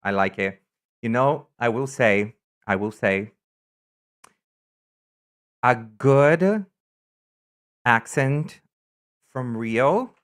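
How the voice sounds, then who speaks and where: A man's voice: mid-range voice, extremely slow, pauses often, a bit bright. A man from Brazil with a São Paulo Brazilian accent, a native Portuguese speaker, chatting casually and rambling as he reads viewer comments on a stream.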